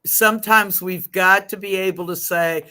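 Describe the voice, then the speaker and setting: A woman leading a group session on stress, talking frankly and in a lively way, with blunt asides. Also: medium pitch, moderate pace. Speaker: group facilitator.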